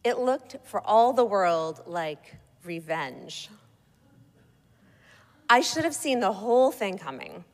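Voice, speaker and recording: A woman reads her own personal essay aloud, wry and measured. Her slow pace lets each line land, and her pitch rises and falls in lively swings. A long, echoing reverb hangs behind her voice. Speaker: narrator.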